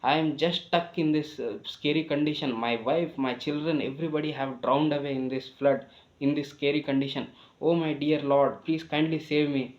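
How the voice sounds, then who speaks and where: A man voicing a panicked male sage who pleads to be saved, his voice lifted higher and urgent. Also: moderate pace, lightly acted. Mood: panicked pleading. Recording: roomy, dull lo-fi recording.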